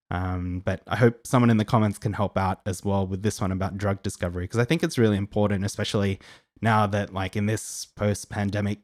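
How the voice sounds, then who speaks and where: A man's voice: low voice, a little mellow, dry recording, clean studio sound. A young Australian man hosting a casual live Q&A, friendly and rambling with lots of ums and restarts. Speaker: livestream host answering viewer questions.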